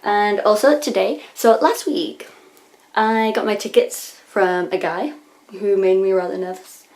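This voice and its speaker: Young english woman doing a chatty video diary, gushy and excitable, sighs a lot, drops to a whisper sometimes. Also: mid-range voice, unhurried. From England. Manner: gushing and excitable, often sighing and dropping to a whisper. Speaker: vlogger.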